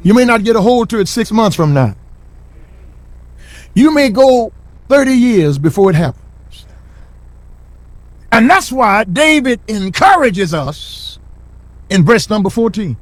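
A middle-aged man preaching a sermon in a church, repeating lines and building to shouts. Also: high-pitched, very animated, unhurried, long pauses, dry recording. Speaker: pastor. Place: church sanctuary.

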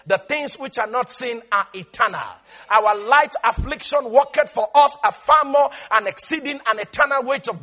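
This pastor delivers his sermon in a very high, bright voice with a touch of huskiness. Drawn-out words give way to sudden shouting, and his pitch rises and falls dramatically.

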